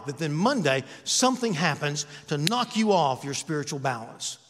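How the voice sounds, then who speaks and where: A man's voice: fairly high pitch, sing-song, normal speed, few pauses. Older man preaching in a reverberant church. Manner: conversational preaching with rhetorical questions. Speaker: pastor. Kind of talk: sermon. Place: church sanctuary.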